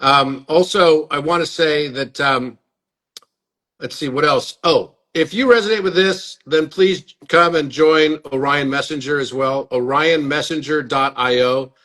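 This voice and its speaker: Live stream host, male, earnest, repeats himself, voice a touch high. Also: a little slow, a bit bright. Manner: earnest, inviting, repeats words. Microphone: phone or webcam on a live stream.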